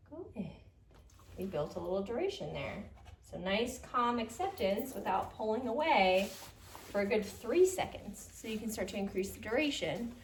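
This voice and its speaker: A young adult woman dog trainer explaining a handling exercise during a session, with soothing, low-key praise for the dog between explanations. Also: a little mellow. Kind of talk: hands-on training demonstration. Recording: roomy, distant mic, faint noise.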